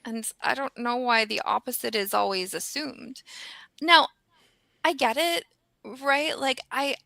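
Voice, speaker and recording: A woman's voice: a little high, gravelly, no echo. An American woman, a scientist, chatting casually with many ums and restarts. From United States. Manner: animated, frequent ums and restarts. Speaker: scientist and regular guest. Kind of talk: casual chat.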